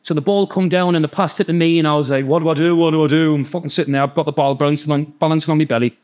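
A man's voice: on the high side, fairly even intonation, a little mellow. A man with a Geordie accent telling rowdy, sweary stories in casual chat and acting out the people in them. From North East England. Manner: fast, sweary, laughing, acts out quoted voices. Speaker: podcast guest. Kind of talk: casual storytelling.

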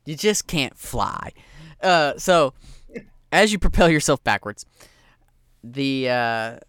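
A man's voice: mid-range voice, lively intonation, slow, a bit bright, clear, resonant tone, dry recording. Man, game master, laid-back narration, resonant, dry sound. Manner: laid-back, hesitant with many ums.

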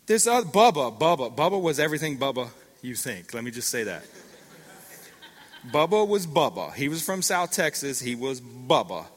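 A middle-aged man preaching a sermon, telling stories with lively swings and calling out to the congregation. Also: medium pitch, normal speed. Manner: animated storytelling with call-outs to the congregation. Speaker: pastor. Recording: long reverb of a large hall.

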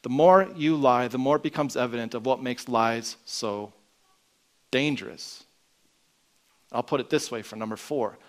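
A man preaching a sermon in an earnest way, often dropping to a quiet emphasis at the ends of phrases. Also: medium pitch, moderate pace, pauses often. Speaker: pastor.

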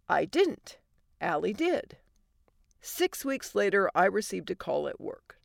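A woman's voice: medium pitch, big pitch swings, slow pace, creaky, no room sound. A woman hosting a storytelling podcast, narrating a comic story in a wry, dry manner.

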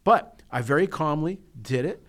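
A man's voice: on the high side, lively intonation, moderate pace. A middle-aged man co-hosting a talk show, telling stories in a rambling, casual way with frequent restarts. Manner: rambling, storytelling with many restarts. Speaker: podcast co-host. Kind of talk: casual chat.

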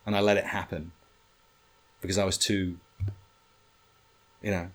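A man telling a lively anecdote in casual talk, swearing freely and acting out what others said. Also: low-pitched, measured pace. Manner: animated, swearing, acts out others' lines. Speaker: storyteller guest.

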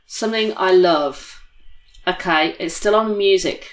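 A young British woman in casual conversation, telling stories in a chatty, lively way with lots of fillers. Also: on the low side, unhurried, over a noisy crowd. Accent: British English. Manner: chatty, animated storytelling with many fillers. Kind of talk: casual chat. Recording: roomy echo.

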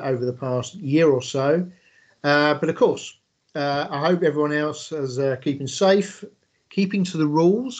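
Rambling podcast host, a man with a higher voice. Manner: rambling, with many filler "uh"s. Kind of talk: casual podcast interview.

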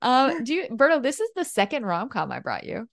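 A woman's voice: high-pitched, huge pitch swings, no echo, clean studio sound. A woman co-hosting a casual movie-review chat, laughing often and chatting freely. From United States. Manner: giggly, chatty, quick to agree. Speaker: podcast co-host.

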